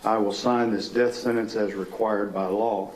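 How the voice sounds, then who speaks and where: A man with a fairly low voice reads out a formal sentence from the bench. His delivery is slow and measured, as if reading from a document. The courtroom sound echoes around him, with faint noise underneath. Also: steady tone. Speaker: judge.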